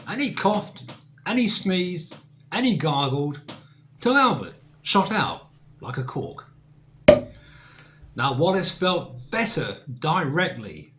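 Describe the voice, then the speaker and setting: A man's voice: fairly high pitch, a bit bright, a little hiss or hum. A man reciting a comic verse monologue as a birthday tribute, with hesitant asides in between.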